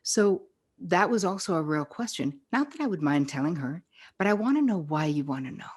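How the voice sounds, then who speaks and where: A woman's voice: lowish voice, very animated, a little fast, breathy edge. A middle-aged woman psychotherapist, a podcast guest, talking bluntly and with swearing, acting out the people she quotes. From New York area. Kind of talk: casual podcast conversation.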